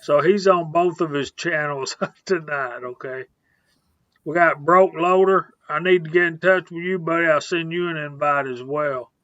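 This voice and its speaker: A man's voice: a little high, moderate pace, pushed and bright, dry recording, highs cut off. A man hosting a casual live stream, laid-back, reading out viewers' names one after another.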